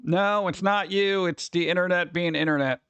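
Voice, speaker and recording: A man with a slightly high voice hosts a loose livestream chat, rambling and grumbling as he talks to viewers. His mic is close and dry, with little room sound around it. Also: steady tone, moderate pace, a bit bright, smooth, no echo. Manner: rambling, exclaims and grumbles at tech trouble. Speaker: livestream host. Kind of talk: casual live-stream chat.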